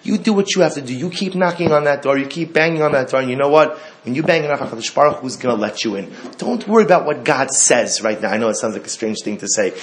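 A man teaching as a rabbi in an animated storytelling sermon, emphatic, repeating phrases and restarting often. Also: medium pitch, fast, few pauses.

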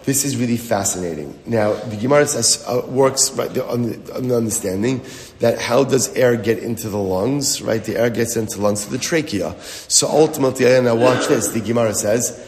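A man's voice: mid-range voice, brisk, a little mellow. Emphatic man teaching Talmud, echoey hall. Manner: emphatic, repeats phrases and asks rhetorical questions. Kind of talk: Talmud lesson explanation. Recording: echoey hall with long reverb.

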